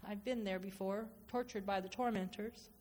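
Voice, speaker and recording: A woman preaching a sermon, animated and repetitive, acting out inner dialogue as she speaks. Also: mid-range voice, normal speed. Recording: reverberant hall.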